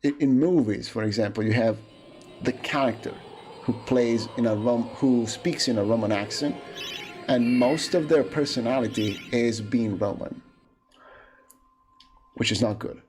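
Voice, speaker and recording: A man's voice: medium pitch, unhurried, pauses often. A man from Italy with an Italian accent, chatting casually and opinionatedly while streaming a speedrun, often restarting his sentences. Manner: musing, opinionated, hesitant with restarts. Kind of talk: casual chat while gaming. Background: game music.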